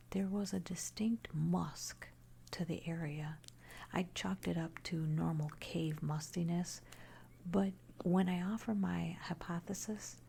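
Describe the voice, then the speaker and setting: A woman narrating a first-person horror story in a hushed, unvoiced whisper throughout. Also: on the low side, creaky, slight background noise.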